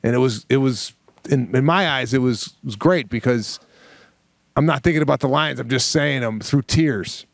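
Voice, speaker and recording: A man on a podcast, spinning a lively, dramatic story and acting out each line he quotes. His voice sits at an ordinary pitch and sounds dry and close to the mic. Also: moderate pace, gravelly, no room sound. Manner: animated, dramatic retelling with acted-out quotes. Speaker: podcast co-host. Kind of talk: casual storytelling chat.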